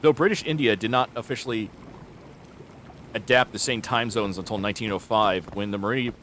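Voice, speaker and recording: A man's voice: on the low side, a bit bright, slight background noise. A man streaming a game live and chatting loosely, rambling with many restarts. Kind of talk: live gameplay commentary.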